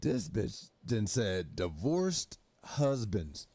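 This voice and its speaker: Low-voiced man riffing loosely, dry sound. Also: sing-song, extremely slow, creaky, warm tone, breathy edge, no room sound. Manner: loose, laughing, swears freely. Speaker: livestream host reacting to clips. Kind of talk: casual profane reaction commentary.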